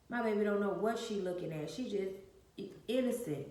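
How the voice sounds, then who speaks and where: A woman's voice: medium pitch, a little fast, dark tone. A woman earnestly telling a personal testimony to viewers, often repeating phrases for emphasis. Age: adult with an infant. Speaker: vlogger sharing a personal testimony. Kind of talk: emotional personal storytelling. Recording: echoey room with faint noise.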